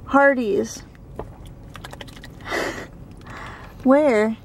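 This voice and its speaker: A woman's voice: sits high, steady tone, extremely slow, slight background noise. A young woman in her twenties chatting casually in a daily vlog, giggly and teasing. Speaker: vlogger. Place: home and car, indoors.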